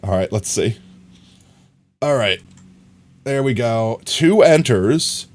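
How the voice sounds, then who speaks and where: Male live streamer, mid pitch, animated, laughing, scattered casual chat. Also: takes it slowly. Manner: rambling, laughing, reads chat aloud.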